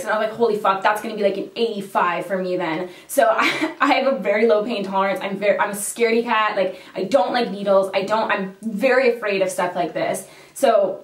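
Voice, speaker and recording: A woman's voice: mid-range voice, fast talker. A woman telling a story to camera in a casual vlog, swearing freely, laughing often and retelling things dramatically. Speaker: makeup vlogger. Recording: roomy echo, mic at a distance.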